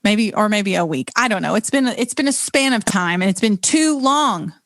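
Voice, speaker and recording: A woman's voice: medium pitch, expressive, fairly bright tone, no echo. Woman, podcast host, upbeat, teasing, dry close sound. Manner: upbeat and teasing, quick to laugh. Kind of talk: casual chat.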